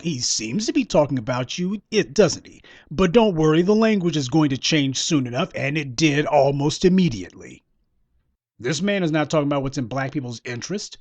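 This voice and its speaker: A man delivers a solo commentary monologue in a fairly high voice, scornful and lecturing throughout. The sound is close and dry, with no room around him. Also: no room sound. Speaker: political commentator.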